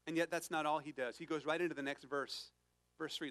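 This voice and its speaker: A man's voice: on the high side, expressive, fairly quick, fairly bright tone, no echo. A man preaching a sermon to his congregation, earnest and conversational, reading scripture with emphasis. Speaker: pastor.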